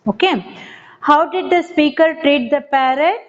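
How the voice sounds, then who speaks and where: A woman's voice: high-pitched, a little slow. A woman with an Indian English accent, a primary school teacher giving a revision lesson, spelling words out letter by letter and calling to the children. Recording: dull lo-fi recording.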